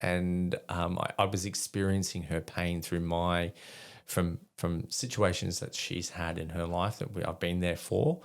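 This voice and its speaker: This middle-aged army veteran from Australia, guesting on a podcast, has a low, creaky voice and keeps a level tone at a measured pace. His frank anecdotes wander, and he leans on plenty of filler words.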